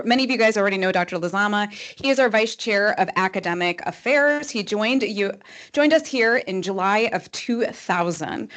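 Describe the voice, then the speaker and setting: Chicago-accented woman, medical faculty, quick formal intro of a guest speaker. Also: medium pitch. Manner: brisk, reads a list of honors quickly. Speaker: vice chair of education introducing a speaker.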